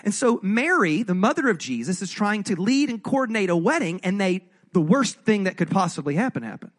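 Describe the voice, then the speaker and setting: High-voiced man preaching casually. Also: sing-song, brisk. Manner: conversational, jokey, asks the audience questions. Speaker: pastor. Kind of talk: sermon.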